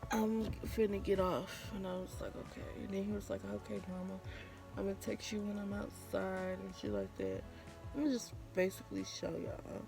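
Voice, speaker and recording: A woman's voice: mid-range voice, animated, moderate pace, creaky, over music. A woman vlogger, telling a candid, profane story in casual storytime style. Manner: candid, profane, acts out quotes.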